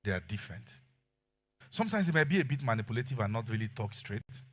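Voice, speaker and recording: A middle-aged man with a Nigerian accent preaching a sermon as pastor, telling animated stories and acting out quotes. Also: medium pitch, quick pace. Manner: animated storytelling with acted quotes and laughter.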